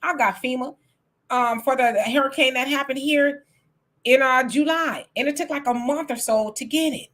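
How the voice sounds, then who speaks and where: Woman host for a live call-in style stream, bright, emphatic, casual. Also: high-pitched, moderate pace. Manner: reads viewer comments aloud, then argues back in casual, emphatic speech. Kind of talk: live political talk stream.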